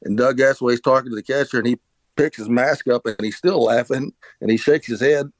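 A man's voice: mid-range voice, brisk, no room sound, low-quality recording. Brief: middle-aged man, dry, rambling storyteller. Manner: rambling anecdotal, frequent restarts and filler "uh". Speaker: interview guest, former pitcher. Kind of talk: casual storytelling.

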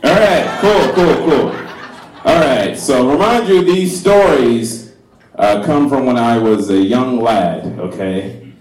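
A man in his thirties spins a crude comic story on stage, loose and profane, laughing through it. His voice sits at a middle pitch. It sounds roomy, picked up from some distance off the mic. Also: slow, darkish tone. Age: 30s. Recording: roomy live room, voice from a distance.

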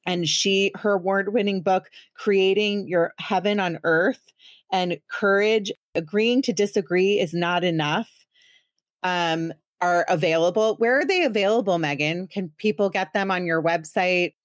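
A woman's voice: lowish voice, a little slow, no echo, clean studio sound. A woman in her thirties hosting a podcast, talking in a chatty, self-deprecating and teasing way. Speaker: podcast host. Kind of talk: casual chat.

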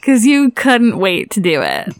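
A woman's voice: mid-range voice, huge pitch swings, measured pace, gravelly, clear, resonant tone, dry recording, clean studio sound. A woman co-hosting a podcast in casual chat, chatty and teasing, full of "like" and "you know". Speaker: podcast co-host.

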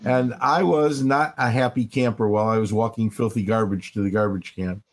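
An older man, a rabbi, talking earnestly in an interview and slowing down to stress his points as he tells stories. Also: lowish voice, fairly even intonation. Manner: earnest, storytelling, slows for emphasis. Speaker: rabbi, guest speaker. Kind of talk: reflective interview talk.

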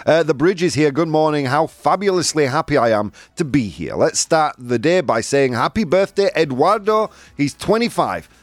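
A man's voice: a little high, lively intonation, moderate pace, few pauses, no room sound, faint music behind. A man in his forties hosting a live show with a jovial, playful manner and frequent laughs. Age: 40s. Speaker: host.

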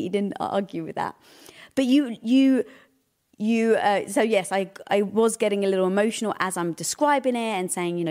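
A woman's voice: mid-range voice, lively intonation, normal speed, a little mellow. A woman in casual conversation with her partner, talking chattily with many fillers. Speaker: co-host in couple's chat. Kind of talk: casual chat.

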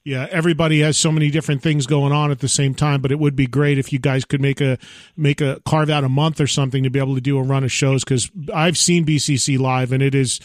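A man's voice: medium pitch, flat delivery, quick pace, dry recording, clean studio sound. A man hosting a radio show who asks questions and emphatically piles on praise for his guest. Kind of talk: interview questions and chat.

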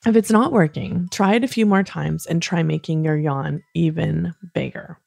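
Woman, bedtime host for children, soothing, low pitch, dry close sound. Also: vocal fry, dry recording. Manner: soft, slow, soothing, playfully acts out yawns. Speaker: host of a kids bedtime podcast. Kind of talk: gentle bedtime talk to children.

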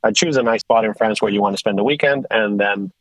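A man from Sweden, a company executive telling stories casually on a podcast, animated and restarting his sentences often. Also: on the low side, fast, dry recording, low-quality recording. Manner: animated storyteller with frequent restarts. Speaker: guest, tilt rotator company executive. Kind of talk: casual conversational storytelling.

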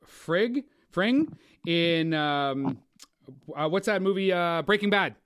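A man's voice: high-pitched, expressive, slow, fairly bright tone, clear, resonant tone. A man co-hosting a casual movie podcast, rambling and cursing, often restarting his sentences. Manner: rambling, swears a lot, stumbles and restarts. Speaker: podcast co-host.

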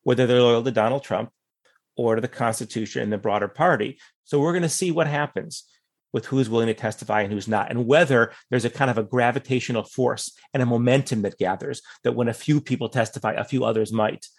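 A man giving conversational political analysis as a guest, thoughtful and measured, hedging his points with asides. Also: mid-range voice.

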